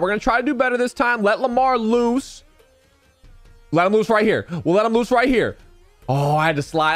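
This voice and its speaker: Young man, excitable gameplay commentary, repeats himself, voice cracking, game music behind. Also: high-pitched, no room sound. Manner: excitable, talks to viewers, repeats phrases. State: voice cracking, losing his voice. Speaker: gaming YouTuber.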